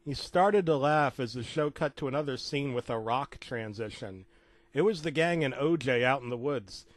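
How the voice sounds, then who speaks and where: A man's voice: medium pitch, moderate pace, no echo. Man rambling through a comic horror tale. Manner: rambling deadpan asides, stumbling restarts. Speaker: narrator. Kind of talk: comedic creepypasta narration.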